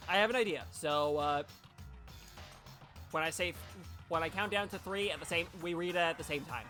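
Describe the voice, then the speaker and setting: A man's voice: fairly high pitch, moderate pace, pushed and bright, faint music behind. A man chatting casually on a livestream during a group game reading, hesitant and full of fillers.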